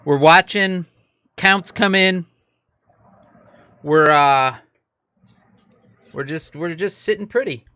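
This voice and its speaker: A man in his thirties co-hosts a casual live stream, joking dryly and talking through mouthfuls of food. His voice is bright and smooth. The sound is dry and close, with no room around it. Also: fairly high pitch, slow, pauses often, dry recording. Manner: wry, joking, talks while eating. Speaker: podcast co-host.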